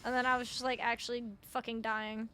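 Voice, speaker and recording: A woman's voice: on the high side, little pitch movement, fairly quick, pushed and bright, soft background music. A young woman streaming a video game, chatting casually with her viewers, swearing freely and sounding a little tired and short on sleep. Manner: chatty, swears freely, greets chat by name.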